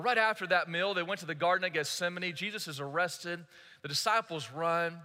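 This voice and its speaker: A man's voice: high voice, bright, forceful tone. A male pastor preaching a sermon, telling a story earnestly and speaking directly to the congregation. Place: church sanctuary. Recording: echoey church hall.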